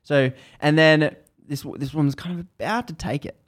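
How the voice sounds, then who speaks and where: A man's voice: a little high, moderate pace. A man hosting a podcast, casually retelling a book's story in a loose, rambling way with many restarts.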